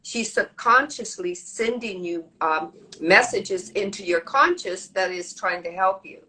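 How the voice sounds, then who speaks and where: A woman in a casual podcast conversation. She explains her ideas haltingly and restarts phrases as she searches for words. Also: medium pitch, pushed and bright, rough recording. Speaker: podcast guest.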